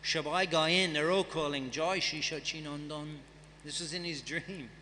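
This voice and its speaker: A man's voice: fairly high pitch, steady tone, measured pace, bright, forceful tone, a little hiss or hum. Man teaching scripture in a reverberant hall. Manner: reads and chants verses, then explains them conversationally. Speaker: guest speaker at a temple festival. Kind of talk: scripture class with verse recitation. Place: temple hall.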